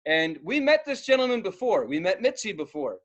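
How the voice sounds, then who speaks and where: A young man co-hosting a podcast, telling an animated story in casual chat and bursting into loud acted-out outbursts. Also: high voice, fairly quick, highs cut off. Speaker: podcast co-host.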